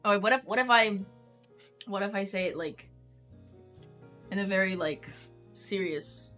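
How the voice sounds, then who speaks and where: A woman's voice: medium pitch, unhurried, bright, forceful tone, faint music behind. A young woman streaming as a vtuber, chatting casually to her viewers and rambling with lots of filler words. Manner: rambling, heavy use of "like" fillers. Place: home streaming setup.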